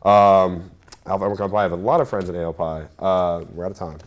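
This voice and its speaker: A young college man with a very deep voice, chatting loosely on a student radio show. He talks quickly and keeps circling back with "like" and restarts. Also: steady tone. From New Jersey. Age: young adult. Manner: filler-heavy rambling with many "like"s. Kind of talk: casual chat.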